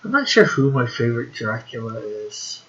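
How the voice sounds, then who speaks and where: A man's voice: mid-range voice, very animated, normal speed, muffled recording, crowd noise. A man hosting a casual livestream, tired and muttering to himself as he sets things up. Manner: tired, mumbling to himself while setting up. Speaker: livestream host.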